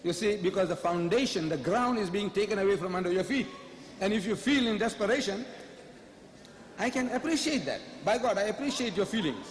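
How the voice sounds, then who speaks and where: A man's voice: high-pitched, lively intonation, brisk, reverberant, big-room sound. A man giving a public debate lecture, firing rhetorical questions at the audience with emphasis.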